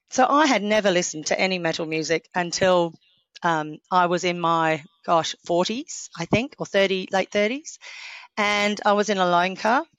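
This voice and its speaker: A woman in her forties from Australia talks as a podcast guest in a slightly low voice. She tells her stories with lively energy and acts out what people said. The sound is dry and close. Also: dry recording, muffled recording. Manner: lively storyteller, acts out quotes. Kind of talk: casual interview chat.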